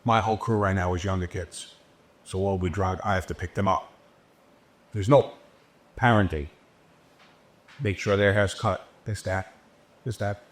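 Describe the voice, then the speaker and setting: Animated, profane male podcast guest. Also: deep voice, moderate pace, long pauses. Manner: profane, animated, acts out quotes. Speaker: podcast guest, entertainment business owner. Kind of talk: casual interview storytelling. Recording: roomy echo.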